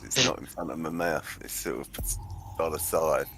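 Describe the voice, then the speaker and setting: A man in a casual group voice chat speaking in a flat, matter-of-fact way. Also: rumbling low, normal speed, a little hiss or hum.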